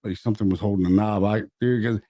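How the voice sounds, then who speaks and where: A man co-hosting a podcast in casual chat, a profane and animated storyteller who acts out his own reactions. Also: on the low side, fast, no room sound, studio quality. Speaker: podcast co-host.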